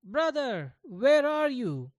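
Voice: very animated, moderate pace, dry recording, muffled recording, lightly acted. A storyteller voicing an innocent, earnest young boy in a children's storybook. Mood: calling out. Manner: pleading, high and earnest.

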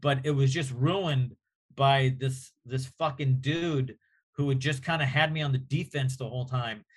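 A man, a comedian guest on a podcast, telling an animated, profane anecdote in casual chat. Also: mid-range voice, normal speed.

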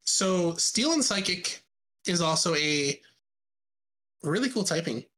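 Bright-voiced laughing podcast co-host. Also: medium pitch, lively intonation, takes it slowly, a little hiss or hum. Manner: laughs often, jokey. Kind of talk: casual gaming chat.

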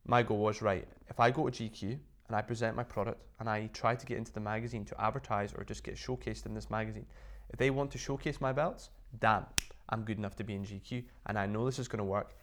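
A man with a low, grounded voice tells his story as an interview guest. He talks in a chatty, animated way, full of ums and quick restarts. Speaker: interview guest, business founder. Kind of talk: casual storytelling.

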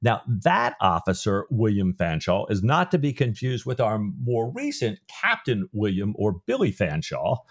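A man's voice: on the low side, big pitch swings, unhurried, few pauses, breathy edge. A man co-hosting a podcast, casually retelling and discussing a novel's plot with lots of filler words. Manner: retells scenes loosely with many "you know" fillers. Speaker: podcast co-host.

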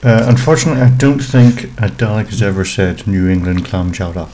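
A man's voice: fairly low pitch, brisk, warm tone, poor audio. A man co-hosting a podcast in casual chat, with dry, teasing humour. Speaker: podcast co-host.

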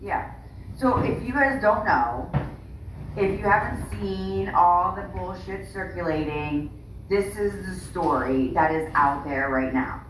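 Woman, podcast co-host, indignant, lower voice, roomy echo, faint noise. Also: lively intonation, slow, distant mic. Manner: fired up and indignant. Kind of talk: casual podcast chat.

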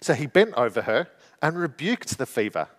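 A man preaching a sermon, explaining a scripture passage and moving between hushed and emphatic delivery. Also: medium pitch, sing-song, normal speed, long reverb tail.

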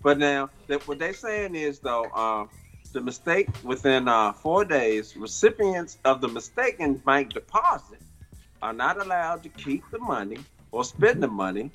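Bright-voiced man hosting a chat. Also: on the high side, sing-song, unhurried, faint music behind. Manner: backchannels, reads out facts. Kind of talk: casual chat.

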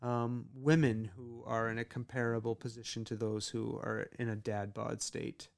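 A man's voice: mid-range voice, level tone, normal speed, creaky, no echo. A man hosting a casual group podcast chat, earnest and hesitant with many ums. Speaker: podcast host.

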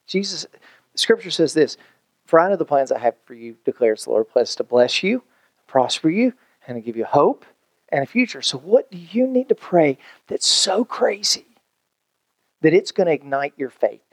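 A man pastor, preaching a sermon in an animated, conversational way with jokes and acted-out quotes. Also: on the high side, moderate pace, no echo.

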